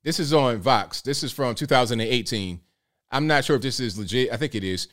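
A man's voice: mid-range voice, a little fast, a bit bright. A man hosting a live show, talking in a casual, blunt, rambling way and riffing with rhetorical questions. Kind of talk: casual livestream commentary.

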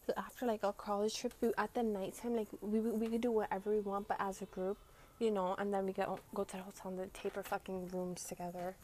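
A woman's voice: mid-range voice, level tone, quick pace, warm tone, slight background noise. A young woman telling a rambling, profane storytime, often quoting her friends. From Brooklyn, New York. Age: young adult. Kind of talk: casual storytime.

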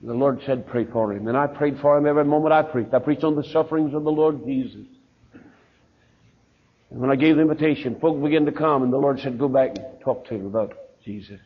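Folksy Southern preacher, husky voice. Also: male voice, medium pitch, a little fast. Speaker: pastor. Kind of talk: sermon storytelling. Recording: dull lo-fi sermon recording.

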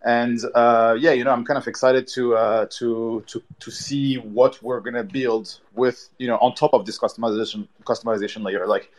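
A man's voice: medium pitch, fairly even intonation, moderate pace, hardly any pauses. A man on a live audio show talking loosely about his project, with lots of fillers and restarts. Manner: loose and rambling, many fillers. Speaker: NFT project team member. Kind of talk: casual chat.

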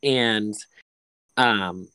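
A man's voice: fairly low pitch, very slow, bright, forceful tone, clean tone, dry recording, rough recording. A man co-hosting a casual podcast, telling loose rambling stories and laughing often. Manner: rambling storyteller, laughs a lot. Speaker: podcast co-host.

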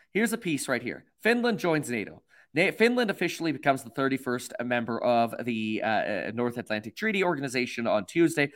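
A man's voice: medium pitch, a bit bright. A man commenting on news articles as he reads them aloud, rambling with many fillers and restarts. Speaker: finance commentator.

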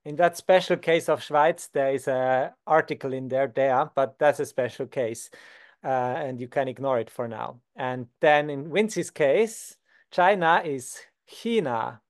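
A young Swiss man teaching beginners basic German, calm and patient, slowing down to model each word. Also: medium pitch. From Switzerland. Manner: patient, slows down to model words. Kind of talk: beginner language lesson.

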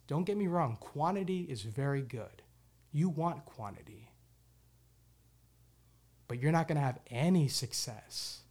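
A male podcast host speaking in a casual, rambling monologue. He sounds candid and reflective, restarts his sentences often and swears offhandedly. His pitch sits at an ordinary middle height for a man.

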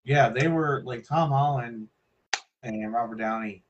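Mid-pitched male co-host, casual, rambling, dry sarcasm. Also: unhurried, dull audio, slight background noise. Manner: loose, rambling, sarcastic, many fillers. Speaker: podcast co-host. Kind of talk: casual chat.

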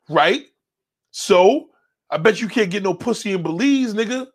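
High-voiced man ranting bluntly. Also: animated, a little slow, breathy edge. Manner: blunt, confrontational, swears heavily. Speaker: host reading viewer comments. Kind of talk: profane ranting commentary.

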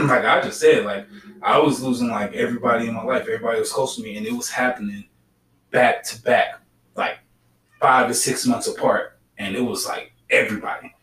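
A man's voice: medium pitch, fairly even intonation, fairly quick, fairly bright tone, far from the mic. A middle-aged man co-hosting a podcast, talking bluntly and repeating his points in casual chat. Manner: blunt, preachy, repeats himself. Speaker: podcast co-host. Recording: roomy sound, set back from the mic.

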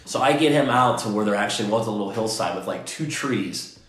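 A man's voice: fairly low pitch, brisk, a bit bright. A man hosting a podcast, telling a long casual story that rambles with restarts and "he's like" asides. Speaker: podcast host. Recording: echoey room.

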